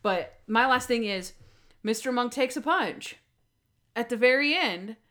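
Animated woman recapping an episode. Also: on the high side, unhurried, slight background noise. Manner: animated, acts out quotes, many fillers. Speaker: podcast co-host. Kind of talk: casual episode review chat.

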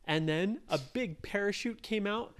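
A woman in her thirties telling a made-up bedtime story to children, slow and playful. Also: medium pitch.

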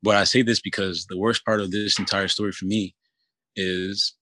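Low flat-voiced young man telling a story. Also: normal speed, a little hiss or hum. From Philadelphia area. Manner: casual, many fillers like "you know" and "kinda". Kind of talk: personal storytelling.

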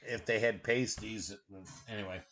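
A man's voice: fairly low pitch, steady tone, moderate pace, a crowd in the background. A middle-aged man hosting a casual chat, joking crudely and reading out news headlines. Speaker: podcast host.

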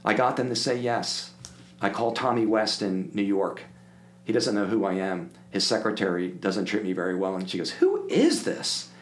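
An older man from the Philadelphia area, a guest telling animated stories and acting out the people in them. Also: on the low side, moderate pace. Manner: animated anecdote-telling, acts out quoted voices. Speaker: podcast guest. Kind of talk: casual storytelling.

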